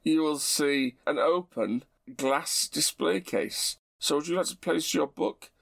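A middle-aged man, chatting in a measured, gently wry way as a co-host. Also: on the high side, creaky, no room sound. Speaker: podcast co-host. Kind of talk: casual chat.

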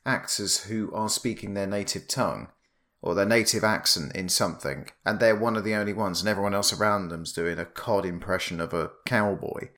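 A man from Britain co-hosting a podcast, opinionated and lively in casual chat. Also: lowish voice, a little fast. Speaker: podcast co-host.

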